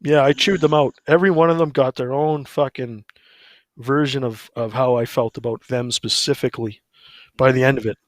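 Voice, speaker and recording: A man's voice: mid-range voice, fairly even intonation, moderate pace, dry recording. Brief: man, crude no-filter ranter, plain mid voice, dry. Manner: profane, blunt ranting. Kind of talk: casual storytelling on a livestream.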